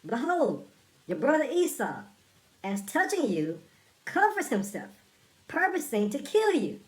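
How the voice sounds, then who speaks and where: A man's voice: very high-pitched, wildly swooping pitch, unhurried, pitched above the performer's own voice, heavily acted, poor audio. A man voicing a worried mother who warns her younger son, speaking in an urgent tone while reading aloud. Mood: urgent warning.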